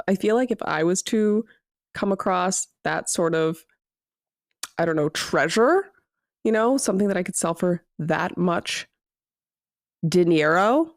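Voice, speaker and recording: A woman in her thirties co-hosting a casual podcast chat, telling lively stories and acting out the voices of people she quotes. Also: lowish voice, unhurried, pauses often, no echo, clean studio sound. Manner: animated storyteller acting out quotes. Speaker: podcast co-host.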